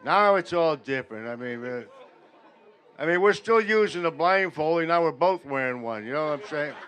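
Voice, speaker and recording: A man doing a stand-up comedy set in a veterans' hall, telling deadpan stories that build louder toward each punchline. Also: fairly high pitch, normal speed, a faint crowd. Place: veterans' hall function room.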